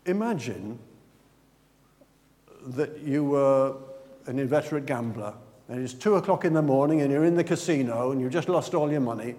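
A man's voice: mid-range voice, normal speed, long pauses. Man preaching with questions in an echoing hall. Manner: questions the congregation, animated and conversational. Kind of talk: sermon. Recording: long reverb of a large hall.

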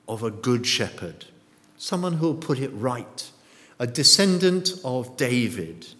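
A man's voice: medium pitch, fairly bright tone. A man preaching a sermon in a church, often putting rhetorical and tag questions to the congregation. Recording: long church reverb.

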